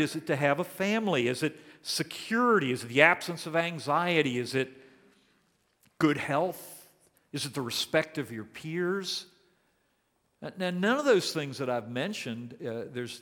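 A man's voice: a little high, a bit bright, big-room sound. A man preaching a sermon, asking his congregation probing questions. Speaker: pastor.

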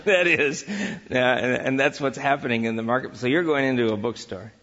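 A man giving a church teaching talk, lively and full of rhetorical questions, who also engages the audience. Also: mid-range voice, normal speed, in a large hall, dull audio. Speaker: Christian speaker teaching on work and business.

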